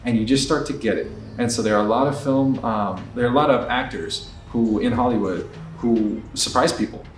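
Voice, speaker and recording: A man's voice: mid-range voice, normal speed, soft background music. A man, an indie filmmaker, giving candid advice in a blunt, profane, emphatic storytelling manner. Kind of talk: candid advice rant to camera. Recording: echoey room, distant mic, faint ambience.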